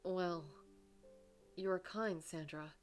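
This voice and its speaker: Woman reading as a nervous soft-spoken guy from a story game, halting, lowish voice, real slow. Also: steady tone, faint music behind. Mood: tender. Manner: hesitant, halting, with pauses and restarts. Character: shy, gentle divorced man, nervous and sincere. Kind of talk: reading game dialogue aloud.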